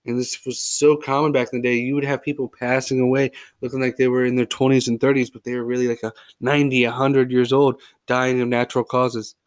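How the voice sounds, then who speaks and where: A man's voice: medium pitch, fairly quick, few pauses. A man hosting a sports history podcast, telling stories in a joking, goofy way. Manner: joking, goofy, lively storytelling. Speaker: podcast host. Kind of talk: casual podcast narration.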